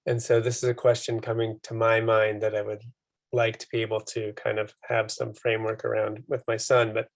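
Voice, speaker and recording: A man's voice: lowish voice, monotone, fairly quick, gravelly, dry recording. A man taking part in a group discussion, speaking tentatively and searching for words, over a video call. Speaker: participant.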